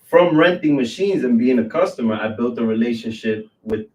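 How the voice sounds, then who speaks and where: New guy telling how he started his business, middle pitch, sounds a bit far from the mic, rattles off lists. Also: animated, darkish tone, muffled recording. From New York. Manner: storytelling, lists things off in quick runs. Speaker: business owner guest. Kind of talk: casual interview chat.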